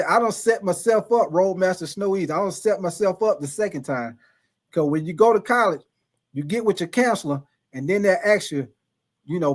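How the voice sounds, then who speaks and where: A man hosting a livestream, casually telling a profane story to his chat, laughing often and calling out viewers by name. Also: sits high. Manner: animated, laughing, profane, calls out chat names. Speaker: livestream host.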